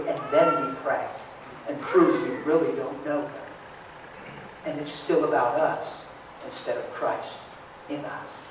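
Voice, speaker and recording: A middle-aged man preaches with a fairly high voice, moving between near-shouts and quiet, intimate moments. He sounds distant from the microphone in a very echoey hall. A faint hiss of noise sits behind him. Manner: passionate, swings from shouting to hushed. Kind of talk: sermon.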